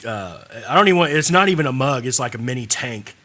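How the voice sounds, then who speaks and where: A man's voice: mid-range voice, quick pace. A man with a slight Southern drawl co-hosting a podcast, joking and swearing casually. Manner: animated, jokey, profane. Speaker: podcast co-host. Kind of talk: casual chat.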